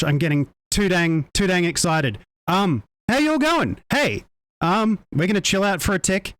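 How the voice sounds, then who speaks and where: Young Australian male streamer, high lively voice, unhurried, dry close sound, giddy and stammering. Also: dry recording. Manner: excitable, giggly, stammering restarts, mild faux swearing. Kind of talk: casual live-stream chat.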